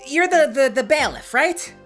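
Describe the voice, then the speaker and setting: A woman voicing a puzzled young male defense lawyer in a game, asking halting, hesitant questions in a lowered voice. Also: animated, music in the background.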